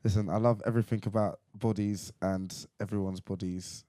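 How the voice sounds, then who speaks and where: A man co-hosting a podcast, low-key and self-deprecating, laughing easily. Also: level tone, brisk, mellow, no echo, studio quality. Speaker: podcast co-host. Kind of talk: casual podcast chat.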